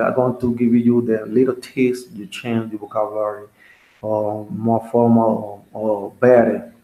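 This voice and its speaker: Halting Spanish-speaking male teacher, roomy echo. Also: mid-range voice, mellow. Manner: halting, self-correcting English with many restarts. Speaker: English teacher. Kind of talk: online conversation class. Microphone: video call.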